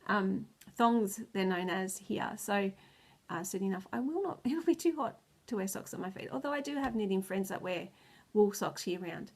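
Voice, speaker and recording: A woman's voice: medium pitch, expressive, moderate pace, few pauses. Tired, rambling woman. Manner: rambling, loses her words, laughs often. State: tired and stressed, close to tears. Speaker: knitting podcast host. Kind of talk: casual chat.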